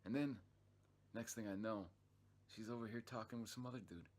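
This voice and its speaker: Low-voiced man telling a rambling story. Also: steady tone, brisk. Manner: rambling, swears freely, many restarts and fillers. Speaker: vlog narrator. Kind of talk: casual profane storytelling.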